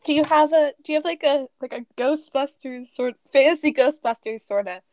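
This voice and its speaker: A woman playing in a tabletop game, reacting in animated bursts. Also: high-pitched, fairly quick, no echo, clean studio sound. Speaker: player.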